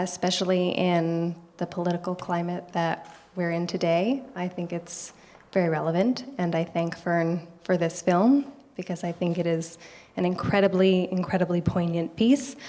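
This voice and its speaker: A woman's voice: medium pitch, darkish tone. A woman presenting a film festival award, earnest and tearful, apologizing as she gets emotional.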